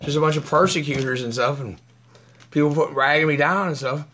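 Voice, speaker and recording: A man's voice: on the high side, fairly quick, music in the background. A man vlogging in a rambling, combative way, laughing often and talking while eating. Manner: aggrieved, combative. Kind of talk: rambling live video chat.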